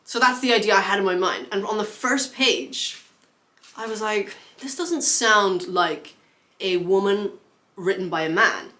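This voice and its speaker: A woman's voice: medium pitch, unhurried, sharp tone. A young woman talks through a book in a loose, chatty way. She fills her sentences with "like" and "um" and laughs often as she goes. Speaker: book vlogger. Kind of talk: casual book chat.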